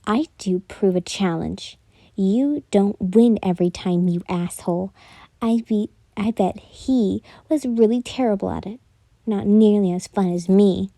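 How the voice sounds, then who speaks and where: A jealous, hot-tempered cat-eared fighter snaps and swears defensively, played by a woman. The tone is very dark and mellow, in a whispered role-play recorded dry and close. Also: medium pitch, unhurried, no echo.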